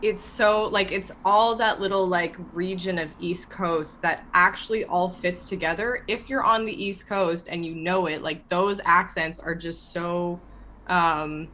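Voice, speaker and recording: Woman gushing and rambling in a chat, kinda low but really bright voice. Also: unhurried, a little hiss or hum. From Canada. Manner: excited, rambling, swears freely. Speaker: tabletop game player. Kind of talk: casual chat.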